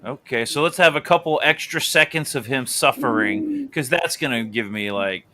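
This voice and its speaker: Dude with a bright edgy voice, cussing casually, chatting through a trailer. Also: male voice, medium pitch, moderate pace, slight background noise. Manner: swears freely, animated storytelling. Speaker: co-host. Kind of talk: casual live-stream chat, trailer reaction.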